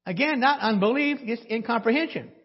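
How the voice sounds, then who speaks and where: A man's voice: very high-pitched, a little fast, breathy edge, lo-fi sound. A man preaching a teaching sermon, posing questions to the congregation and answering them himself. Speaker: pastor.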